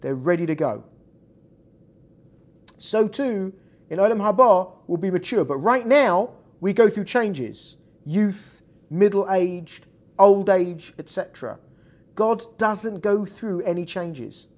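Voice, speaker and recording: A man's voice: high voice, expressive, slow pace, a little mellow. A man teaching a Torah class in an explanatory classroom style, checking in with his students as he goes. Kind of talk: classroom lecture.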